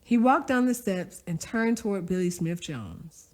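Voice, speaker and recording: Lively woman narrating a story. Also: mid-range voice, unhurried. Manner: expressive, with folksy conversational asides. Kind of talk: audiobook-style story narration.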